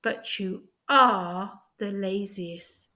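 A woman voicing a quiet, calm old male tortoise in a storybook read-aloud, steady and unhurried. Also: medium pitch.

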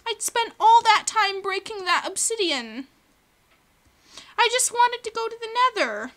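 Bright, very high-voiced woman gamer. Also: very animated, a little slow. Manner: playful, chatty, talks to game creatures. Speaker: let's play host. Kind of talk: gaming commentary.

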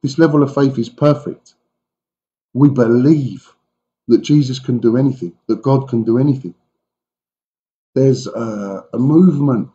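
Mellow-voiced pastor preaching conversationally. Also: male voice, mid-range voice, a little slow, pauses often, highs cut off. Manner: animated retelling of scripture with asides to the congregation. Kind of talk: conversational sermon. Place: church.

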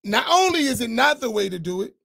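A man's voice: extremely high pitch, sing-song, fairly quick, gravelly, pushed and bright. A man, an imam on an online roundtable, making his point firmly and insistently, step by step. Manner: firm, insistent, reasoning step by step.

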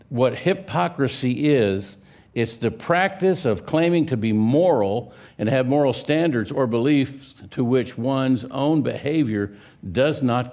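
A man's voice: mid-range voice, a little mellow. A man in his seventies from California, preaching a sermon in a church, telling stories with a joking, folksy manner. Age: 70s. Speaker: pastor. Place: church sanctuary.

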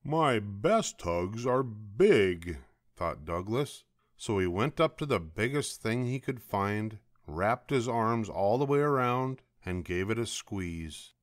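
An older man reading a children's picture book aloud as a bedtime story, slow and expressive. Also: on the low side, no echo, clean studio sound.

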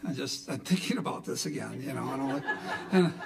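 Man, middle-aged, from Milwaukee, folk entertainer, rambling onstage anecdote, gravelly texture, medium pitch. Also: lively intonation, fairly quick. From Milwaukee, Wisconsin. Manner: rambling, folksy, peppered with "you know". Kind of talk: onstage storytelling between songs.

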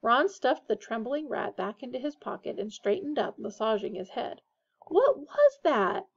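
A woman reading a children's fantasy novel aloud in a steady, expressive way. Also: a little high, moderate pace, creaky, breathy edge. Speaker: audiobook reader. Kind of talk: storybook narration. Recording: dull lo-fi recording.

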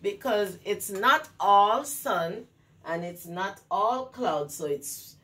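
A woman teacher leading circle time, talking to young children in an animated, sing-song way with gasps of delight. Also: medium pitch, slow pace, far from the mic.

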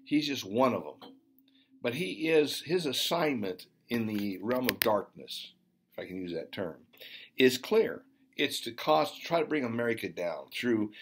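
Male preacher, emphatic fervent sermon, low voice, husky tone. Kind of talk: sermon testimony.

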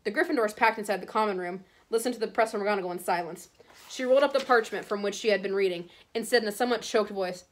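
A woman teacher reading a novel aloud to her class at a steady pace, now and then stumbling and correcting herself. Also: mid-range voice, quick pace.

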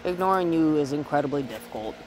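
A fast-talking woman with a deep, animated voice demonstrates dog training at home and in her yard alongside her dogs. She's chatty and casual, walks through each step, and keeps adding "right?". Faint music plays behind her.

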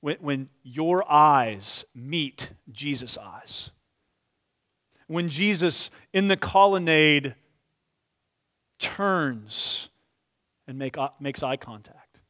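High-voiced man preaching a sermon. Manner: expressive storytelling, drops to quiet slow tones at solemn moments. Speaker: pastor. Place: church.

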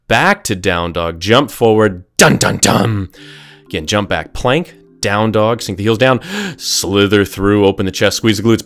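A man's voice: lowish voice, fairly bright tone. A man coaching a burpee workout in an upbeat, jokey way, sometimes out of breath. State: out of breath at times. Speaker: fitness instructor. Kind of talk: workout instruction.

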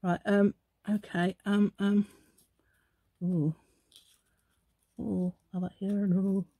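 A woman's voice: mid-range voice, level tone, slow pace, mellow, slightly rough, no room sound. A woman hosting a casual crafting tutorial at her craft table at home, thinking aloud and asking the viewer questions as she works. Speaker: craft channel host.

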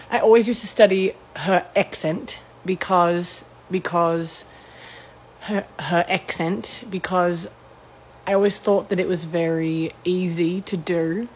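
A young woman from California putting on an Australian accent while talking casually to the camera. She speaks haltingly and keeps restarting and correcting her words. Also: on the low side, rough recording. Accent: put-on Australian accent over a Californian one. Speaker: vlogger.

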